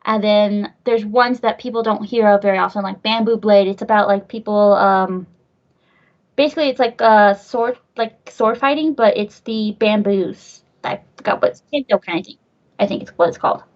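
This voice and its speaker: A woman's voice: mid-range voice, moderate pace, muffled recording. A woman hosting a podcast in casual chat, gushing and rambling, swearing casually. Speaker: podcast host.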